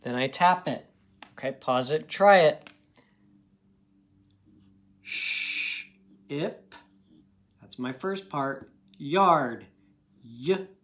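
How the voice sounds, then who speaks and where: A man's voice: medium pitch, unhurried, slight background noise. A man teaching a recorded phonics lesson to young students. He talks patiently and encouragingly and sounds out words part by part.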